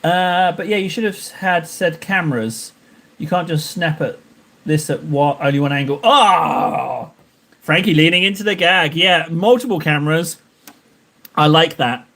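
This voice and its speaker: A man's voice: on the high side, measured pace, a bit bright. A man from Cornwall chatting casually on a live stream while painting miniatures, rambling, joking and talking to viewers. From Cornwall, England. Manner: jokey, rambling, talks to chat.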